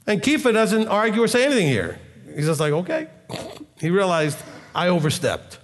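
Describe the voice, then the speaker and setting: A man preaching as a rabbi with a lively, swinging delivery and a voice pitched a little above average. He keeps firing rhetorical questions and plays out both sides of arguments. A long hall reverb trails each phrase. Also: quick pace. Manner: animated, acts out dialogue, rhetorical questions. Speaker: rabbi and teacher. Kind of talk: teaching sermon with questions.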